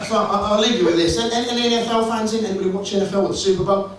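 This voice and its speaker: High-voiced man doing crude stand-up. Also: fairly even intonation, racing. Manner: crude, swearing, wry storytelling. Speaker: stand-up comedian. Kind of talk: stand-up comedy set. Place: comedy club room, indoors. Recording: echoey club room, distant mic, noisy.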